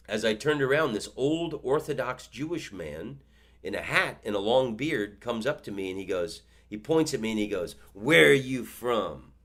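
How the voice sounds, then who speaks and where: Fifties man, comic storyteller, low voice with big swings, stumbles over his words. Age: 50s. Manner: animated, stammering restarts. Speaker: comedian and podcast host. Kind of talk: storytelling monologue.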